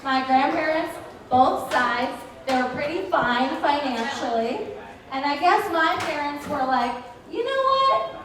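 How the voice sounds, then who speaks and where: A woman's voice: sits high, unhurried, a bit bright, slight background noise. A woman doing a stand-up comedy set in a bar, with a dry, sardonic, ironic delivery. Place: bar event venue. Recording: echoey room, mic picked up from far off.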